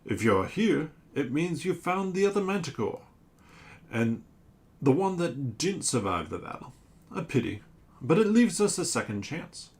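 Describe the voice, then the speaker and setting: A giant squid-like sea monster booms out its lines, loud and theatrical, as a man puts it on. He is male and enormous, rising from the waves. The voice suits a storybook tabletop game. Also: very animated, measured pace. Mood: booming.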